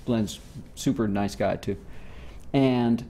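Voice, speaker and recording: A man's voice: medium pitch, slow, warm tone, slight background noise. A man from the States, a former musician telling loose, rambling stories as an interview guest. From Southern United States. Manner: rambling, loose, lots of "you know" and "like". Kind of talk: casual storytelling.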